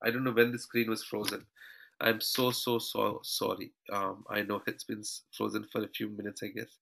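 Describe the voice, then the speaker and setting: Flat in delivery and moderately paced, this online trainer has a lowish, gravelly yet fairly bright voice, heard on a rough recording. During his live screen-share class he refers to students as "team" and tags points with "okay" and "all right".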